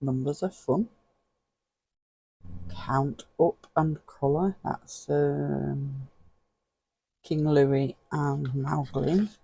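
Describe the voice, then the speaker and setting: In this casual flip-through video, a relaxed male vlogger turns pages while talking slowly and directly to the camera, his mellow voice husky and gravelly, with frequent chuckles. The audio is poor.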